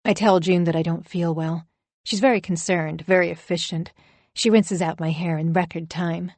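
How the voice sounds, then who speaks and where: A woman reading a first-person audiobook thriller, wry and anxious in her telling. Her voice sits on the low side. The recording is close and dead dry. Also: little pitch movement, normal speed, a little mellow, no echo. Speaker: audiobook narrator.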